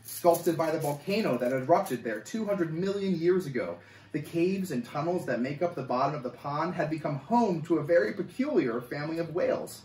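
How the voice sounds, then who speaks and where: A man's voice: a little high, normal speed, far from the mic. Man reading a storybook in an echoey room. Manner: animated, expressive reading. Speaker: camp coordinator reading a story. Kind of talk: storybook read-aloud.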